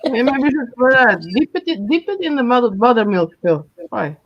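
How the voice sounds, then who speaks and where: A woman's voice: on the high side, big pitch swings, normal speed, no room sound, dull audio. A woman chatting casually on a livestream, teasing and laughing often.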